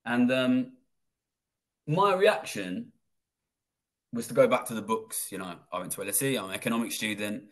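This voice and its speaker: A man in his thirties from England, a guest telling his life story in a blunt, profane, animated way. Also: medium pitch, moderate pace, long pauses. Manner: blunt and profane, acting out quoted dialogue. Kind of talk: casual interview storytelling.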